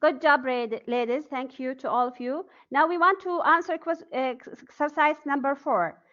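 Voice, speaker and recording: A woman's voice: high voice, normal speed, fairly bright tone. A woman with an Arabic accent teaching an online English class, drilling students word by word and praising answers. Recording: dull, muffled lo-fi audio.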